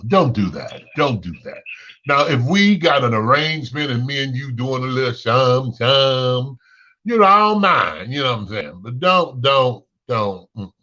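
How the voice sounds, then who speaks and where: A blunt, sassy male talk host from Chicago rants straight to his listeners, his voice leaping high whenever he is fed up. His tone is bright and forceful throughout. The recording is dull and lo-fi. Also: sing-song, unhurried. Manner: blunt, sassy, swings pitch up when exasperated. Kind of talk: unscripted monologue rant.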